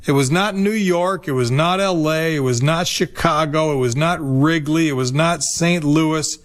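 A man in his fifties, from Minnesota, with a voice pitched a little high. He reads a scripted personal story in a nostalgic, reflective way. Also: unhurried. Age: 50s.

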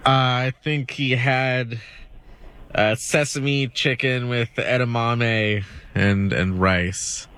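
Guy on the panel, talks slow and unsure, bright-ish dry voice. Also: medium pitch, fairly even intonation, smooth, dry recording. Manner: hesitant, halting. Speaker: show panelist.

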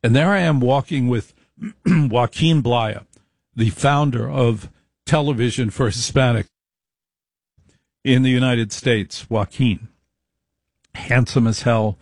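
A middle-aged man telling a story in a monologue, emphatic and repetitive, slowing down to stress his points. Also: medium pitch, creaky, darkish tone, no room sound, studio quality.

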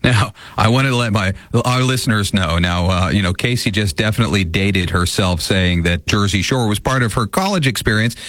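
Low-voiced man hosting a finance show. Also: lively intonation, moderate pace, a bit bright, no room sound. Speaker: financial advisor and radio show host. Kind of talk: casual chat on a finance radio show.

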